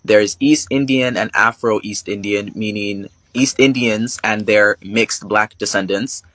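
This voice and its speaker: Male host, lowish voice, calm informative commentary, dry close sound. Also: no echo. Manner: measured, informative. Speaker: reaction video host. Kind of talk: explanatory commentary.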